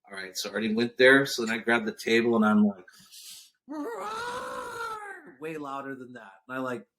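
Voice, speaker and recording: A man talks through a story as a podcast guest. His pitch sits in an ordinary middle range. He plays out the lines of others as he goes. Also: fast, crowd noise. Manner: animated storyteller acting out quotes. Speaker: guest entrepreneur. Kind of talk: storytelling interview chat.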